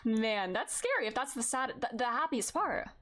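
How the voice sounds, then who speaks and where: A woman streamer chats casually over her game, laughing and muttering to herself, slightly high with a lively, bouncing pitch. Game music plays clearly behind her. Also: moderate pace, a little hiss or hum. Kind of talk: casual let's-play commentary.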